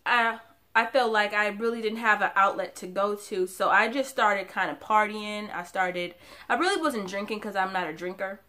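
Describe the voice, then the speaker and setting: A woman's voice: mid-range voice, moderate pace, pushed and bright. A young woman vlogger telling a painful personal story to camera in a candid, confiding way, with laughs breaking in between the sad parts.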